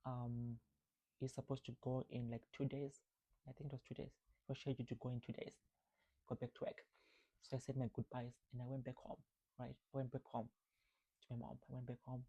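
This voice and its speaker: A man's voice: medium pitch, mellow, rough recording. A man vlogging, telling a personal story about grief in a reflective, conversational way and often checking in with "right?".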